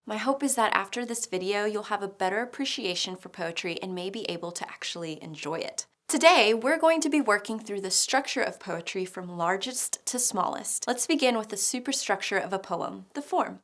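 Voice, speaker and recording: A woman giving a scripted educational narration about poetry, explaining clearly with a light touch of humor. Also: mid-range voice, lively intonation, brisk, few pauses, fairly bright tone. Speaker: teacher.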